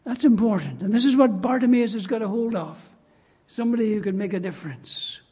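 A man's voice: high-pitched, expressive, brisk, mellow, husky. A man preaching a sermon in church, emphatic and repeating his key phrases. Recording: long reverb of a church hall.

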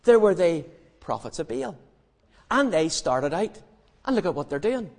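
A man telling a Bible story in an animated, humorous sermon, acting out the scenes. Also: fairly high pitch, moderate pace, in a large hall. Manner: lively, acts out the story, humorous. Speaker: preacher.

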